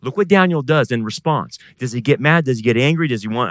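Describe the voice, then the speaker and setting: A man, a pastor, preaching a sermon and swinging between loud emphatic bursts and quiet, intense passages. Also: mid-range voice, very animated, fairly quick, hardly any pauses, no echo.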